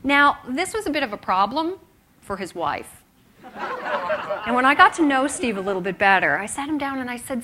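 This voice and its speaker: A woman speaking on stage at a live presentation, animated, asking the audience rhetorical questions. Her voice is bright and fairly high. Her pitch swings widely as she makes her points. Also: normal speed, slight background noise. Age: young adult. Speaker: keynote speaker.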